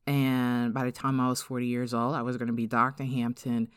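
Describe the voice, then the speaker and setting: A middle-aged woman with an African-American English accent hosting a podcast, giving an earnest, reflective personal testimony and slowing down to stress key words. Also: a bass voice, flat delivery, smooth, no room sound, studio quality. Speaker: podcast host.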